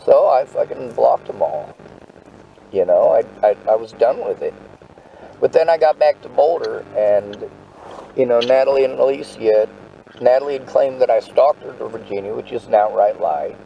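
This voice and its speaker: A man's voice: medium pitch, animated, moderate pace, creaky, muffled recording, a little hiss or hum. A man telling his story in casual conversation, agitated and profane, often restarting his sentences.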